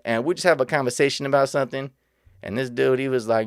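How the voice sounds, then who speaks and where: A man's voice: medium pitch, fast, clear, resonant tone, no echo, studio quality. A man vlogging casually, rambling and earnest, with slightly slurred speech. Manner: rambling, repetitive, restarts often; earnest, motivational. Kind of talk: casual reaction vlog.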